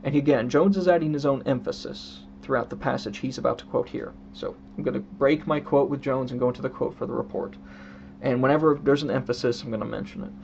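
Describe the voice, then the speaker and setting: A man with a gravelly, fry-edged voice talks through a book review at an easy pace, reading quotes aloud and calling out each emphasis. The recording is dull and lo-fi, with a faint hum underneath. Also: medium pitch, a little mellow. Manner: unhurried, explanatory, with restarts. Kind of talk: casual spoken book review. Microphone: own camera setup.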